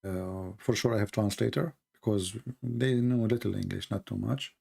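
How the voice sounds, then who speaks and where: Gravelly man ranting on a livestream. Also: on the low side, normal speed. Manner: animated, rambling, mocks people in put-on voices. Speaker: livestream host. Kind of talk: casual livestream chat.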